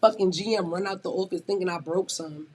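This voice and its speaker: A woman's voice: fairly low pitch, fast, a little mellow. Blunt, profane woman telling a story. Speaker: podcast guest. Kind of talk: casual storytelling.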